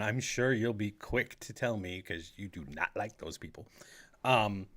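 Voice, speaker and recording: A man's voice: mid-range voice, a bit bright. An American man co-hosting a podcast, rambling through a casual conspiracy chat with jokey asides. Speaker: podcast co-host.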